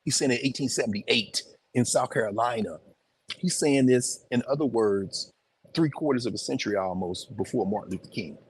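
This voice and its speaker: A man giving an informal, animated lecture on location in a museum, talking conversationally with emphatic asides. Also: medium pitch, a little fast, slightly rough. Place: museum, indoors.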